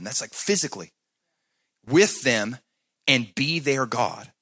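Bright-voiced preaching man. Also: mid-range voice, slow pace, long pauses, husky. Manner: animated, swings from loud emphatic peaks to soft hushed asides; talks to the congregation, asks them to answer back. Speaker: pastor. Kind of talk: sermon.

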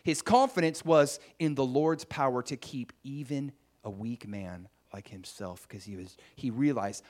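A man's voice: mid-range voice, unhurried, few pauses, a little mellow. A man preaching a sermon in a conversational storytelling way, acting out the scenes he tells.

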